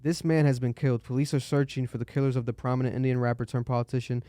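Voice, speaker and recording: Animated young man with a smooth voice. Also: fast talker, no room sound, clean studio sound. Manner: animated, swearing, voice jumps high when exasperated. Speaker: podcast host. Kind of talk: casual podcast chat.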